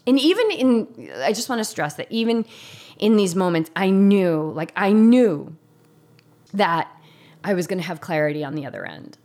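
A woman's voice: medium pitch, lively intonation, moderate pace, darkish tone. A woman telling a personal story in a candid, conversational way. She is earnest and emotional, with frequent fillers and restarts.

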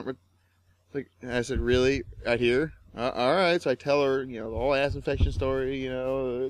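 Casual podcast co-host, young man, profane storyteller, middle pitch. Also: steady tone, brisk, a little hiss or hum. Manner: swears constantly, shouts out quoted rants.

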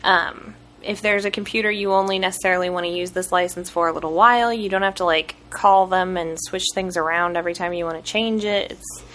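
A woman co-hosting a podcast in casual chat, explaining things at length with frequent "um" pauses. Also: on the low side, fairly even intonation, fairly bright tone. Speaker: podcast co-host.

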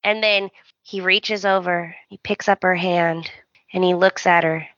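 A woman co-hosting a casual podcast, recapping a soap opera with animated storytelling and acting out the characters' lines. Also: fairly low pitch, a little slow, no echo, muffled recording. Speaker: podcast co-host.

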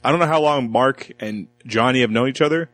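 A man co-hosting a casual podcast chat, animated and quick to mimic other people's voices. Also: medium pitch. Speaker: podcast co-host.

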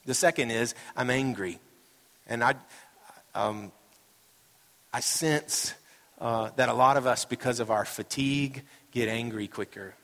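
A man's voice: mid-range voice, unhurried, long pauses, a bit bright. Male pastor, casual sermon delivery with acted-out asides; natural mid-range voice, long hall reverb. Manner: casual and storytelling, acting out quoted voices. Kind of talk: conversational sermon. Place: church sanctuary.

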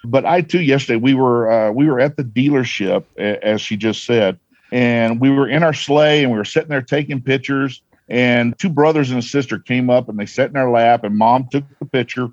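A man's voice: medium pitch, normal speed, dry recording, highs cut off. A man who plays Santa, telling earnest, heartfelt stories as a guest in a casual interview.

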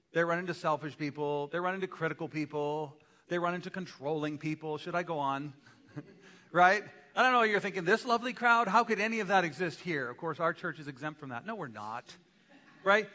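Male pastor, sermon, chatty with quips, tense bright tone, boomy hall tail. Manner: conversational, with joking asides. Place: church sanctuary. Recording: long church hall reverb.

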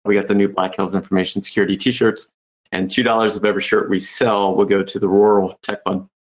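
A man with a fairly low voice hosts a casual webcast. He jokes and laughs easily with his guests, in an offhand, easygoing way. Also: fast. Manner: joking, relaxed, laughs often. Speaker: host.

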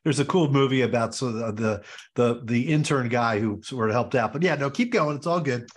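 A man from Baltimore hosts a relaxed podcast. He is friendly and chatty, jumps in with questions, and speaks at a medium pitch. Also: fairly quick. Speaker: podcast host, physician. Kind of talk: casual interview chat.

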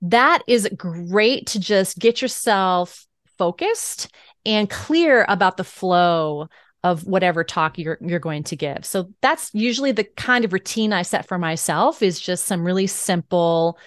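A woman speaking as a guest voice coach in a podcast interview, explaining ideas in a lively coaching tone and laughing often. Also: on the low side, a little slow, no room sound, clean studio sound.

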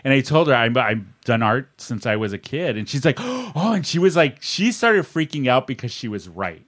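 A man co-hosting a podcast, telling a story in casual chat and acting out the other people's lines. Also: moderate pace. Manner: animated storyteller, mimics others' lines with raised pitch. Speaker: podcast co-host.

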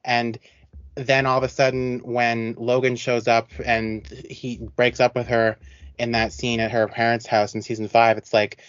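A man co-hosting a podcast in casual chat, talking in an animated, rambling way with many restarts. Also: medium pitch, unhurried, no room sound, muffled recording. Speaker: podcast co-host.

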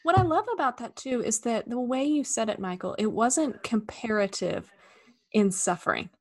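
A woman co-hosting a casual podcast conversation, animated and questioning. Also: on the high side, normal speed.

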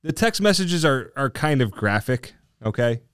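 A man's voice: medium pitch, very animated, moderate pace, a bit bright, smooth, no echo, clean studio sound. A man who works as a trial lawyer, talking casually and explaining his views, often checking in with "right?". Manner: talkative, explains with frequent "right?". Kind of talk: casual discussion.

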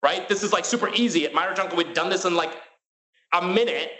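A man telling his story as a guest in a casual interview. He talks in a rapid, filler-heavy way and acts out the dialogue he quotes. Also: high voice, pushed and bright, roomy sound, rough recording.

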